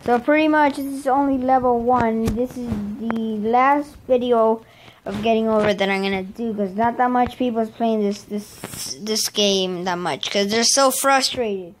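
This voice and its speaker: A woman with a fairly high voice talks through a game she is playing, in casual commentary for her channel. She speaks slowly and drags her words out. She keeps scolding the game and exclaiming in frustration. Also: steady tone, slight background noise. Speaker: gaming channel host.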